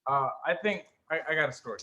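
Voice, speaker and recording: A man telling a story in casual chat, animated and profane, acting out the people in it. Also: on the high side, fast talker. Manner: animated storyteller, swearing, acts out other voices. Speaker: co-host.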